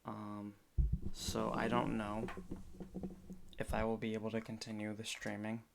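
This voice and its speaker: A man's voice: lowish voice, completely flat delivery, a little slow, gravelly, slight background noise. A man chatting casually on a solo livestream from his room at home, rambling and correcting himself as he goes. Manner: rambling, self-correcting, jokey. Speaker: podcaster streaming live.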